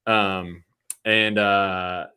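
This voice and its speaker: A Virginia man in his thirties talks extremely slowly in a low, flat voice that sounds pushed and bright yet clean. He's a podcast guest in a casual interview, cracking self-deprecating jokes amid many fillers.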